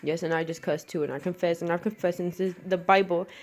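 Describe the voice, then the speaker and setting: A woman's voice: on the low side, steady tone, fast talker, a little mellow. A woman in an earnest, rambling spiritual monologue, speaking straight to the camera.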